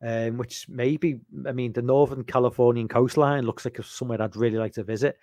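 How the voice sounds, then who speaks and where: A man's voice: mid-range voice, fairly even intonation, fairly quick, darkish tone, dry recording. A man from England chatting casually about horror films, rambling and hesitant, with lots of ums and restarts. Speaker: podcast host.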